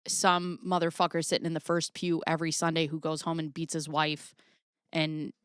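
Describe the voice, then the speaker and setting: Woman streamer, lowish smooth voice, dry close sound, casual and blunt, reads chat aloud. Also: a bit bright, no room sound. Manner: chatty, swears freely, reads chat aloud. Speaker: livestream host. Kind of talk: casual livestream commentary.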